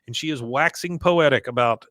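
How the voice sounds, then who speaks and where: A man hosting a podcast, casually recapping a cartoon episode with animated retelling. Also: mid-range voice, normal speed, no echo, clean studio sound. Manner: animated retelling, chuckling asides. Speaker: podcast host.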